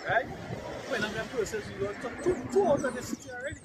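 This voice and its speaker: Loud Trinidadian man preaching on a street. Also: very high-pitched, lively intonation. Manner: reads scripture slowly and loudly, then explains in casual speech. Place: city street outdoors. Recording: distant mic, loud street noise.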